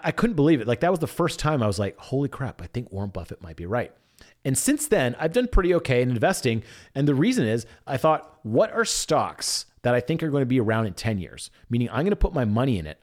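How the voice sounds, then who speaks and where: A young man telling a story in a casual monologue, with a voice that rises and falls a great deal. He drops into quiet asides and then bursts out in excited shouts. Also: mid-range voice.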